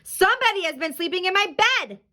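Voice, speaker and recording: A woman's voice: very high voice, expressive, a little fast, pushed and bright, pitched above the performer's own voice, full character voice. A woman voicing an indignant father bear in a storybook reading.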